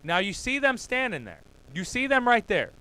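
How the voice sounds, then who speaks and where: A man hosting his own show, reacting to dash cam videos with loud swearing outbursts and quiet muttered asides. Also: very high-pitched, big pitch swings, normal speed, clean tone. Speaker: podcast host.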